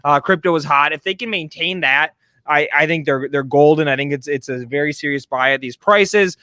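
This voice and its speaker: A man co-hosting a live stock market show, talking fast and excitedly with lots of stammered restarts. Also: a little high, no echo.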